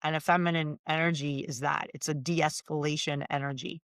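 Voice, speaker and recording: A woman's voice: low voice, fairly even intonation, fairly quick, a bit bright, no room sound, studio quality. A woman who is a relationship coach, a guest on an interview show, speaking emphatically and acting out little scenes. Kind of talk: casual interview chat.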